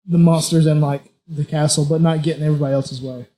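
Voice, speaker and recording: A man's voice: a little high, flat delivery, fast talker, mellow. A man playing a tabletop game, explaining his moves eagerly with a few hesitations. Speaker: player. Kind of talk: casual tabletop game chat.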